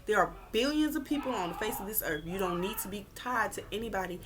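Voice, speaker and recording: A woman's voice: medium pitch, brisk, hardly any pauses, slight background noise. A woman vlogger giving blunt relationship advice in a casual rant, swearing and repeating her points for emphasis. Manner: animated, acts out quoted people.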